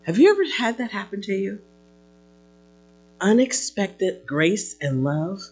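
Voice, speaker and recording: Pastor, husky tone, very lively sermon delivery with playful asides. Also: mid-range voice, unhurried. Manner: animated preaching with playful asides and acted quotes.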